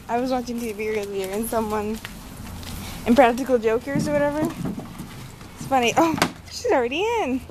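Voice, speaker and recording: A young woman vlogs from her yard in an unhurried, chatty way, her voice sitting a little high. She giggles often and coos at her dog in a sing-song voice. The home-video recording carries clear outdoor noise and animal sounds behind her. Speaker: vlogger filming her pets. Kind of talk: casual chat to camera.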